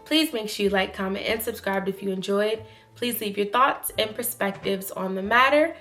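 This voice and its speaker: A woman giving casual, opinionated commentary to her viewers, animated and emphatic. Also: medium pitch, normal speed, faint music behind. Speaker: YouTube commentator.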